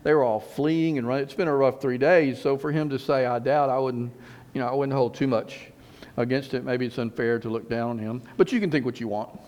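A man's voice: medium pitch, steady tone, fairly quick, darkish tone. A middle-aged man preaching a sermon in a conversational way, repeating phrases and rising for emphasis.

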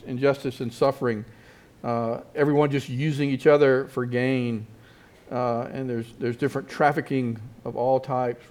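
A man's voice: mid-range voice, a little mellow. A male pastor delivering a sermon in a loose, conversational manner. He circles back on his words, restarting and repeating phrases as he goes.

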